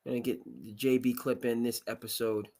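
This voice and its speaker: A man's voice: medium pitch, brisk. A man hosting a live sports talk show, chatting casually and rambling with lots of fillers. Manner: rambling, filler-heavy, animated.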